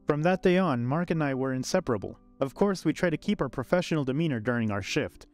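A man narrating a scripted first-person love story in a calm, even way. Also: on the high side, fast. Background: faint background music.

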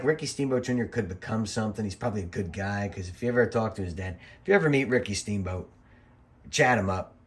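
A middle-aged man, a former wrestling referee, giving casual, rambling commentary over old match footage and swearing freely as he gets worked up. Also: fairly low pitch. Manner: rambling, chatty, profane, quick to get worked up.

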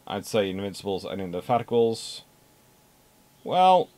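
Man, low-pitched voice, history presenter, unscripted talk, emphatic, dry asides. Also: lively intonation, moderate pace. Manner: emphatic, repeats words for stress, dry asides.

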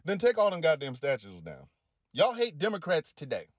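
A man delivering a heated commentary rant, swearing heavily and pushing his voice up into loud peaks. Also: fairly high pitch, huge pitch swings, normal speed, no room sound, studio quality. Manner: heated, heavy swearing, rising into shouty peaks. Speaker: commentator reacting to clips. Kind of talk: profane rant.

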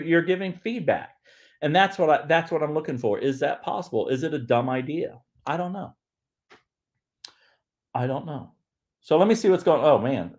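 A man's voice: fairly high pitch, a little mellow. Rambling man hosting a livestream. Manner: rambling, frequent restarts and fillers. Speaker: livestream host. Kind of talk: casual livestream talk.

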